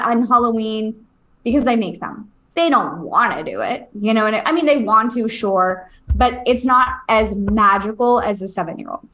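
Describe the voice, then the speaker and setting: A woman's voice: fairly high pitch, fairly bright tone. A woman in her forties co-hosting a podcast, chatting candidly and getting teary. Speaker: podcast co-host. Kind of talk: casual chat.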